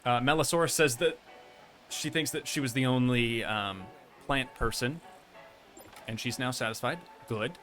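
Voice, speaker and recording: Man, live streamer, worn out, laid-back rambling chat, crisp bright tone. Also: medium pitch, normal speed, long pauses, soft background music. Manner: relaxed, rambling, self-amused. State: tired at the end of a long stream. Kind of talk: casual live-stream chat while building a theme park.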